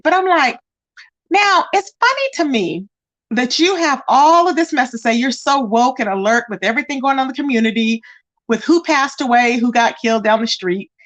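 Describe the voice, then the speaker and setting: A woman hosting a livestream, chatting in a sassy, drawn-out way, greeting viewers and gossiping straight to her chat. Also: sits high, sing-song, a bit bright. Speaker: livestream host. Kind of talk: casual gossip commentary.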